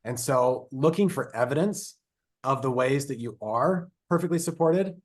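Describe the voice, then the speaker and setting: A man coaching on a live group call, reflective and steady, checking in with "right?" as he goes. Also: medium pitch, moderate pace. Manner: reflective, tags points with "right?". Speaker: success coach.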